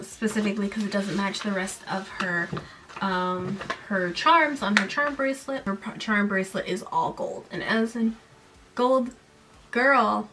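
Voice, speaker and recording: A woman in her late twenties or thirties recaps a book for her podcast in a loose, chatty way. She is sarcastic and mocking, with animated asides. Her voice sits a little away from the mic, with a faint hiss behind it. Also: medium pitch, recorded from a distance. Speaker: podcast host. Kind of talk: casual book recap and commentary.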